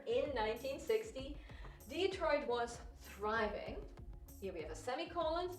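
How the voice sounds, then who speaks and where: A woman's voice: a little high, echoey room, recorded from a distance. A woman test prep teacher walking through example sentences step by step and asking the viewer questions. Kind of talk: recorded lesson walkthrough.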